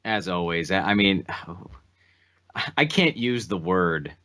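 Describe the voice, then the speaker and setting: A man co-hosting a casual political podcast, speaking in a measured, earnest way. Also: sits low, lively intonation, pushed and bright. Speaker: podcast co-host.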